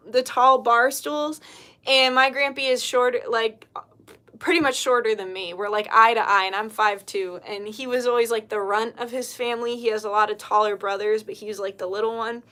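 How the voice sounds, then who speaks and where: Bright-voiced chatty woman livestreaming. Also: a little high. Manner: chatty, laughing storyteller, blunt when annoyed. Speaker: spiritual healer and livestream host. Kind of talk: casual livestream chat, reading comments.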